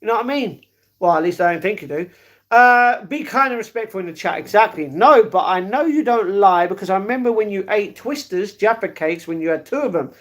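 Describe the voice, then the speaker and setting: A young man with a fairly high voice chats loosely with his live-stream audience, reading comments and answering them. He talks in a rambling, affectionate way, dropping "darling" and "mate" as he goes. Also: lively intonation, a little fast, fairly bright tone. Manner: chatty, calls viewers darling and mate.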